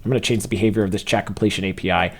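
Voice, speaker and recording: Lowish male voice talking through code. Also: racing, gravelly. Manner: relaxed step-by-step narration of typed code, with frequent filler uhs. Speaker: software developer teaching a coding tutorial. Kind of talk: screen-recorded coding walkthrough.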